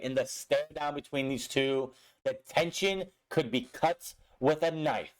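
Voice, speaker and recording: A man's voice: medium pitch, measured pace. A young man recapping a wrestling show in a casual, blunt way, swearing often and sounding frustrated with the booking.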